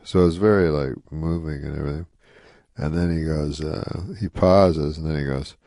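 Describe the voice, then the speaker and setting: A man's voice: rumbling low, steady tone, normal speed, dark tone, no room sound. A man telling a rambling anecdote in an interview, dry and full of "you know.". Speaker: guest comedian.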